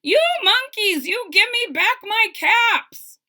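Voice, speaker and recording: Storybook figure: a woman doing an irate male peddler, high and shouty, scolding hard. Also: expressive, takes it slowly, heavily acted. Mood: angry scolding. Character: angry male cap peddler, scolding, stamping.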